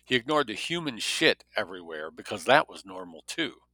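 A man's voice: medium pitch, sing-song, a little fast, creaky, bright, forceful tone, dry recording, low-quality recording. A man reading a novel aloud who breaks off now and then for wry spoken comments. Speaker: story reader.

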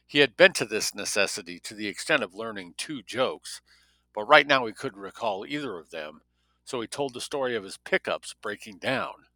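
A man with a lowish, bright and forceful voice reading a novel aloud. He stops now and then for wry asides on the story. The sound is dry and close. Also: expressive, moderate pace, no room sound, low-quality recording. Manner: breaks off reading for wry spoken comments. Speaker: story reader.

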